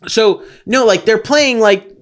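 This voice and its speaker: Casting: high-voiced male co-host, loose rambling storyteller, curses a lot, casual podcast chat. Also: slow pace. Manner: rambling storyteller, acts out quotes, swears freely. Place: Texas.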